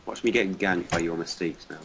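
A man's voice: low-pitched, fairly quick, noisy background. A young man chatting while gaming, blunt and mocking, swearing a lot, recorded on a desk or headset mic. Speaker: gamer. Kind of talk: casual chat while gaming.

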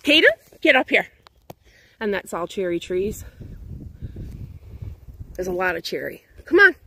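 A woman livestreaming from her rural garden on a phone, chatting casually and often yelling for her dog. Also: lowish voice, big pitch swings, unhurried, slightly rough. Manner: keeps calling loudly for her dog. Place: outdoors in a rural yard and garden.

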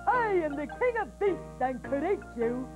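A pompous storybook lion who lords it over everyone. He drawls each grand word slowly, his voice high and swooping for a big cat, over a bright music bed. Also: sing-song, rough recording. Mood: haughty. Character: proud boastful male lion, king of beasts. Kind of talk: children's TV storytelling.

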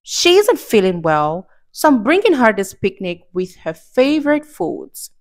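A woman voicing a polite, trusting little girl in a read-aloud storybook, speaking brightly and earnestly. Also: a little high, very animated, measured pace.

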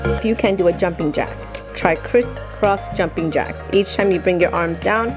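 Chatty mom vlogger over music. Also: female voice, on the low side, normal speed. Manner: chatty, reads game cards aloud to her child. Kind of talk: casual family vlog with product plug. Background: background music.

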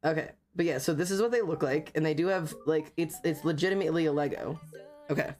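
A streamer in casual livestream chat, talking fast and excitably with frequent stammers and restarts. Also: mid-range voice, faint music behind.

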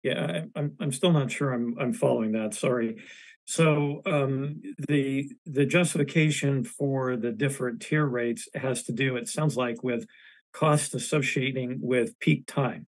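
A man with a scratchy, worn voice poses careful questions at a public board meeting, pausing often with hesitant fillers and restarting his sentences. His pitch sits at an ordinary middle level for a man. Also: fairly even intonation, no echo. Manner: halting, many fillers and restarts. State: hoarse, scratchy voice. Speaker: board member asking questions.

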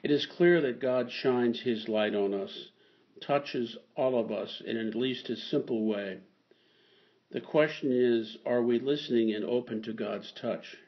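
A man gives a homily in a calm, measured sermon style. His voice sits in a middle pitch, and he repeats a word now and then. The recording sounds muffled and lo-fi. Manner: slow, measured delivery with repeated phrases.

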